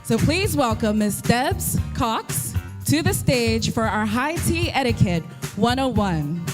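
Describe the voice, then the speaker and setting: A woman emcee introduces the next speaker to an evening crowd. Her voice is a little high and upbeat, and music plays clearly behind her. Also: big pitch swings, slow pace. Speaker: event emcee. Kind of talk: announcing at an event.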